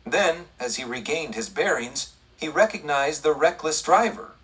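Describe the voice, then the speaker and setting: Brief: male audiobook narrator, western story, husky voice, mic set back. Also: a little high, lively intonation, normal speed, fairly bright tone, distant mic, rough recording.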